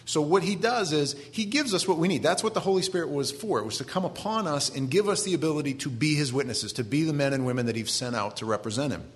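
A man's voice: fairly high pitch, fast, hardly any pauses. A man in his forties with a Maine accent, preaching a sermon in a conversational way with self-deprecating asides. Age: 40s. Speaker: pastor.

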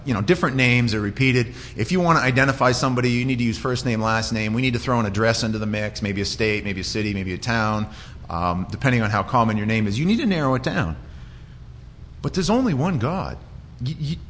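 A man's voice: mid-range voice, slight background noise. Man preaching a conversational sermon. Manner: conversational, with frequent restarts and animated quoted voices. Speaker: pastor. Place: church.

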